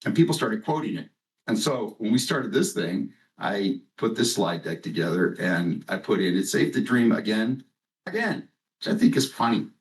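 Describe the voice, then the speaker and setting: A man's voice: fairly low pitch, animated, normal speed. Guy hosting a company call, chatty and jokey, kinda far from the mic. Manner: rambling, joking storyteller. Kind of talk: casual conference call chat.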